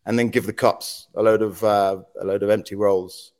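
A man on a podcast as a guest, telling lively stories in casual talk, acting out quotes and noises and laughing often. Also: lowish voice, moderate pace. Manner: animated anecdotes, acts out quotes and sound effects, laughs often. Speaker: podcast guest, former news agency head. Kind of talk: casual storytelling interview.

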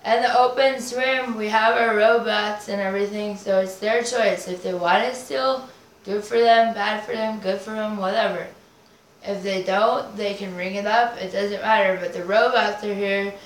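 Guest spot: woman rambler, free-associating, coins words, curses, roomy room. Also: medium pitch. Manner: rambling, swearing, invents nonsense words. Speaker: podcast guest. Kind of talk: casual rambling chat. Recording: roomy echo, faint noise.

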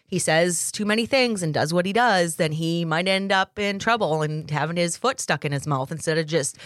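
A woman's voice: on the low side, fairly bright tone, no room sound. Agreeable woman co-host, dry sound. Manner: agreeable, chiming in with quick replies. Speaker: podcast co-host. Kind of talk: casual chat.

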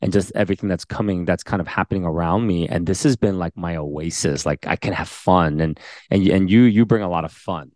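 A man's voice: deep voice, a little mellow, no echo. A man, a pastor co-hosting a podcast, talking earnestly in casual chat with frequent restarts. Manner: earnest, halting, many restarts.

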